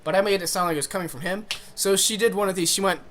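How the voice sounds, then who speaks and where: A man's voice: high-pitched, fairly even intonation, rapid-fire, fairly bright tone, slight background noise. A young man casually telling a funny story on his vlog, rambling and swearing as he goes. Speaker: vlogger.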